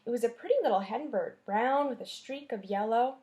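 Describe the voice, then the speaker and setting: A woman teacher with a fairly high voice reads a children's chapter book aloud. Her storytelling is expressive, and she stops now and then to point out the pictures. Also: fairly quick.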